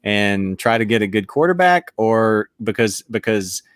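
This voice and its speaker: Low-voiced man thinking aloud. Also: animated, a little slow, fairly bright tone, clean tone, no room sound, clean studio sound. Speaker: podcast co-host. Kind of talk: casual fantasy football chat.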